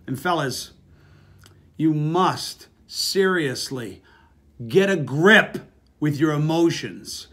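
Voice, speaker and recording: A middle-aged man talks straight to the camera about marriage in a blunt, crude, animated way, swearing freely. His voice sits a little higher than most men's. He speaks like a motivational speaker giving a casual talk. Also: takes it slowly, long pauses. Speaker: relationship speaker.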